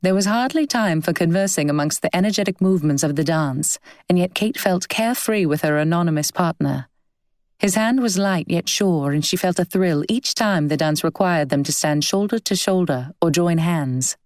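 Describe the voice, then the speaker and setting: An audiobook narrator with a lowish female voice reads a novel aloud in an even, measured storytelling style. The scripted narration is recorded close and completely dry, with no room sound.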